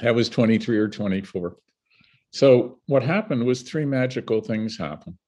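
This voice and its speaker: An older man from Canada, speaking at medium pitch and moderate pace with a breathy edge, is a guest telling stories in conversation. He's an animated, vivid storyteller who laughs between tales.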